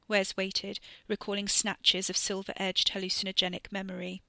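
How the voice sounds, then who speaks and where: A woman narrating a scripted story with expressive reading. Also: mid-range voice, normal speed, vocal fry, few pauses, no room sound. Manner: expressive reading with voiced characters. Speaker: narrator and author.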